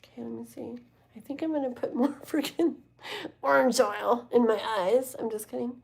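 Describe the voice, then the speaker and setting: Chatty woman with a gravelly voice. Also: on the high side, normal speed. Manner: casual, chatty, many fillers like "like" and "okay?". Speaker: tarot reader. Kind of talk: live-stream tarot reading and chat.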